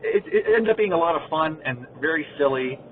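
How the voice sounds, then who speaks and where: A man hosting a podcast, chatting casually while he drives, rambling and trailing off quietly at times. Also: on the high side, lively intonation, a little fast, slight background noise. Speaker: podcast host. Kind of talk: casual chat while driving. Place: inside a car. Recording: tinny phone-like car recording.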